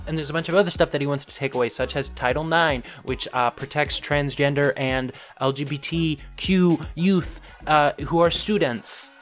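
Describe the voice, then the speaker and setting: A young man hosting a casual news commentary vlog, animated and ranting, with frequent fillers. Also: a little high, moderate pace, few pauses, faint music behind. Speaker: host.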